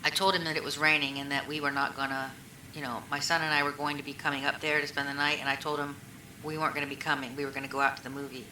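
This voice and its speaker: A woman's voice: deep voice, flat delivery, fast talker, sharp tone. A woman answering questions in a recorded police interview, rambling and retelling old conversations with lots of fillers. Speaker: witness being questioned. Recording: echoey room recording, faint hiss.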